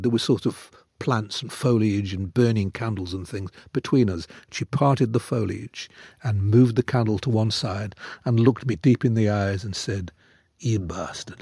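An older man, an author, telling stories in a lively, theatrical way in a studio interview. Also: on the low side, moderate pace, vocal fry, husky, dry recording. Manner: animated, theatrical storyteller. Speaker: author guest. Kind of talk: conversational storytelling. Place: radio studio.

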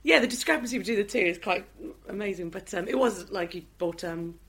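A woman with a husky, breathy voice recounts a concert eagerly in a relaxed podcast chat. She talks quickly. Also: mid-range voice. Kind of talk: casual chat.

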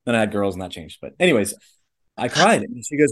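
A man's voice: medium pitch, lively intonation, a little fast. A man in his thirties telling a personal story in a casual interview, earnest and rambling, with lots of "like" and "legit". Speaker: podcast guest, airline pilot.

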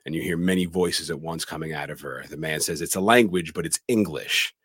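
A man co-hosting a casual podcast, retelling film scenes in a plain, steady way. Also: extremely low pitch, fairly quick, slightly rough. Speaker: podcast co-host.

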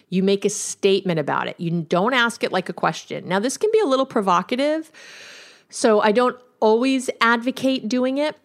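A woman therapist hosting a podcast, explaining relationship tools in a casual, conversational way and acting out sample exchanges. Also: medium pitch. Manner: conversational, acts out quoted exchanges, laughs now and then. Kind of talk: instructional podcast monologue.

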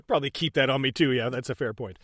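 A man's voice: quick pace, a bit bright, dry recording. A man co-hosting a casual movie recap, swearing and joking and putting on silly voices for the characters. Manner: profane, jokey, recaps scenes and acts out characters in high silly voices. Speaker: podcast co-host.

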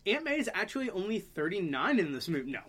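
A woman co-hosting a casual podcast, recapping a movie and slipping into quick character impressions as she laughs along. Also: mid-range voice, very animated. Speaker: podcast co-host.

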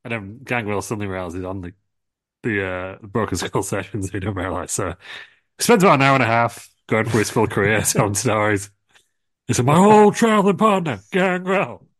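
A man's voice: on the low side, a little fast, a bit bright, no echo. A man co-hosting a podcast, telling a rambling comic story and giggling as he goes. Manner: giggling, meandering. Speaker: podcast co-host.

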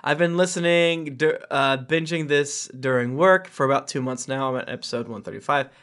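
A man's voice: medium pitch, normal speed, fairly bright tone. A man hosting a casual podcast, reading listener reviews aloud and breaking off into jokey asides and chuckles. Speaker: podcast host.

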